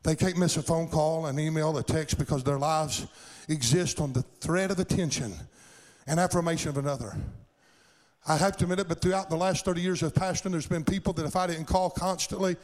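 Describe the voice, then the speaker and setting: A middle-aged male pastor preaching a sermon, calling out to the congregation and building up to shouts at his high points. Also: steady tone, fairly quick, rough recording. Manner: preaching with call-and-response cries, rising to shouts.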